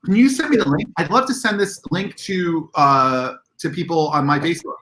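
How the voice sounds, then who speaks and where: Excitable man telling stories in an echoey room. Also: fairly high pitch, moderate pace, slight background noise. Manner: excitable, acts out dialogue in a raised voice. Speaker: convention organizer guest. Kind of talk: animated storytelling on a livestream.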